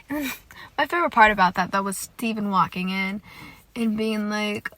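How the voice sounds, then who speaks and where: Bright, gushing young woman podcaster. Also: mid-range voice, normal speed, dry recording. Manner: gushing, excitable, heavy use of "like" and swearing. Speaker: podcast host. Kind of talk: casual solo podcast chat about a TV show.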